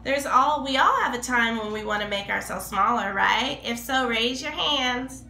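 A woman teacher reading a picture book aloud to a class, slow and expressive, with some fillers. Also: on the high side, gravelly. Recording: echoey room, faint background noise.

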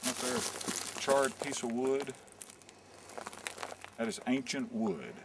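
On a wooded hiking trail, a man leads a mock-serious nature walk with dry, jokey guide patter delivered deadpan. His mid-range voice moves slowly with wildly swooping pitch and vocal fry, and the audio is very noisy.

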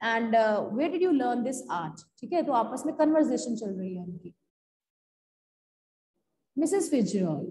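A woman's voice: fairly high pitch, very animated, very fast. A woman with an Indian English accent explaining a play to students, mixing English with Hindi and calling them beta. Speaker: school English teacher. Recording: echoey room with long reverb.

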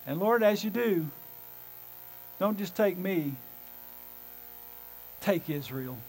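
A pastor preaching a sermon to his congregation in church. He talks with emphasis, moving between loud calls and hushed, low phrases. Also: animated, slow, slight background noise, poor audio. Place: church sanctuary.

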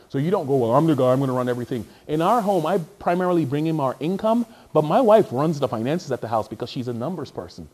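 A male pastor delivering a sermon into a stage mic, his pitch somewhat high for a man. He talks in an animated, joking way, repeats himself and jumps back into sentences when he gets excited. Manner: animated, jokey, repeats words and restarts.

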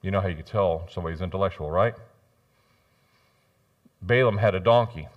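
A man preaching a sermon in a church, joking and swinging between loud bursts and quiet asides. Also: low voice, a little fast, dull audio. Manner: animated, jokey preaching with sudden loud rises and soft drops. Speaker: pastor. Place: church sanctuary.

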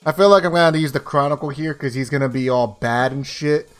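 A man casually commenting on his gameplay, swearing and thinking out loud. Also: on the high side, quick pace, clean tone, faint music behind. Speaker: let's-play streamer.

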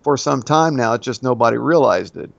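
A man who is a guest on a podcast, explaining his points in a steady, insistent way. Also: mid-range voice, brisk, creaky, no room sound. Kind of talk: casual conversation. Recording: dry, dull lo-fi sound.

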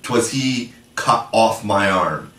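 Brooding, threatening pirate captain, deep voice, read by a man, distant roomy sound. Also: expressive, slow pace, full character voice. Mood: menacing. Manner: dark, passionate, threatening. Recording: echoey room, from far off.

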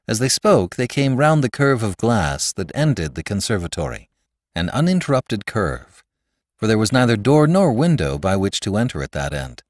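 Male audiobook narrator, low voice, very animated delivery. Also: moderate pace, dry recording, studio quality. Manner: expressive, dramatic reading.

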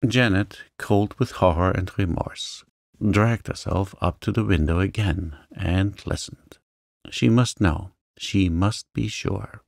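A man reading a sleep story aloud in a calm, gentle, soothing manner. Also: low-pitched, gravelly, dry recording, studio quality.

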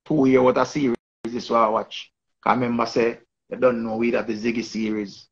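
Jamaican guy rambling on in patois, gravelly voice, keeps repeating himself. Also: medium pitch, level tone, fairly quick, highs cut off. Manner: repetitive, restarts phrases, talks in patois. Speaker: online commentator. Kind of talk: casual rambling commentary.

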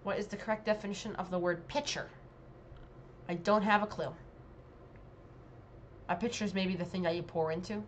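A young woman vlogger chatting casually, reading quiz questions aloud and thinking out loud about her answers. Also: mid-range voice, steady tone, normal speed, pauses often, a little hiss or hum.

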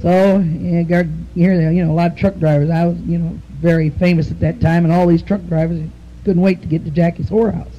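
A woman on a nightclub stage delivers bawdy, profane stand-up to a live audience, linking rambling jokes with a drawn-out "I said, he said" and chuckling at her own punchlines into the mic. She has a lowish, warm voice with fairly even intonation, recorded on dull audio with a little hiss or hum.

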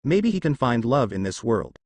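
Man reading a kindly old grandfatherly elder, mid pitch, dry close sound. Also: very animated, normal speed, no echo. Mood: fond.

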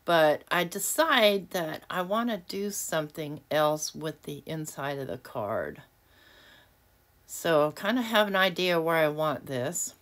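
A woman's voice: low voice, lively intonation, a little slow, fairly bright tone. A woman hosting a casual crafting tutorial at her home desk, chatty and self-deprecating, often laughing at herself. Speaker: craft video host.

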